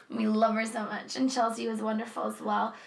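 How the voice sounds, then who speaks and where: A woman's voice: a little high, completely flat delivery, moderate pace, gravelly, reverberant. A woman hosting a podcast in casual, effusive chat, laughing easily. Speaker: podcast host.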